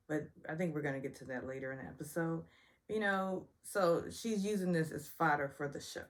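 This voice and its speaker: Deep-voiced woman gossiping thru a tv episode recap, sassy and chatty. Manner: chatty, sassy, self-deprecating about stumbles. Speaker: reality TV recap host. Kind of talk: casual episode review.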